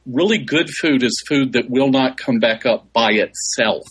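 Slow, husky-voiced man. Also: medium pitch, dry recording. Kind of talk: casual podcast chat.

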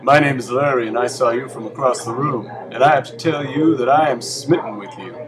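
A man's voice: medium pitch, a little fast, a crowd in the background, lightly acted. A man voicing an earnest adult man in a bar, reciting cheesy pickup lines in a stiff, rehearsed way.

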